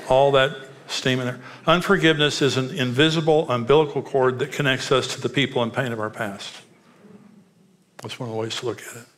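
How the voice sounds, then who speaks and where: A man's voice: medium pitch, fairly even intonation, fairly quick, fairly bright tone, a little hiss or hum. A man preaching as a pastor, telling personal stories in an earnest, direct way.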